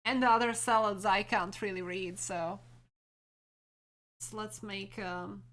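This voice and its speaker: Woman streamer, casual chatty host, bright timbre, unhurried delivery. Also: mid-range voice, steady tone. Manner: chatty, thinking aloud with fillers. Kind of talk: casual chat with viewers.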